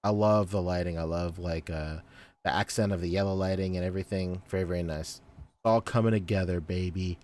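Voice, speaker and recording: A man's voice: low voice, fairly even intonation, brisk, darkish tone. A man co-hosting a podcast in casual chat, laid-back, laughing often and repeating his praise. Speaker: podcast co-host.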